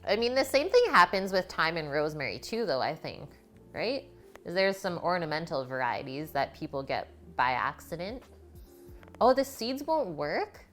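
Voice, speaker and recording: A woman's voice: sits low, big pitch swings, normal speed, a bit bright, faint music behind. A woman hosting a live cooking stream, chatting casually with her viewers and answering them by name as she cooks in her kitchen. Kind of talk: casual chat while cooking.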